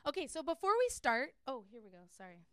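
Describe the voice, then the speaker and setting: Bright-voiced young woman teaching the Bible. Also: high voice, very animated, fast, no echo, studio quality. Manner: chatty and earnest, with frequent fillers. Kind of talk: casual Bible teaching talk.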